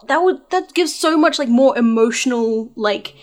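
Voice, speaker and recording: A woman's voice: high voice, animated, normal speed. A woman chatting casually about a TV show, agreeable and full of fillers. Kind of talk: casual chat.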